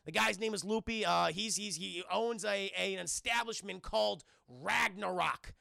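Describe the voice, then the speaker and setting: A man casually recapping a film for his stream chat, animated and swearing freely as he addresses the chat. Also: high-pitched, normal speed, creaky, hardly any pauses, dry recording, clean studio sound.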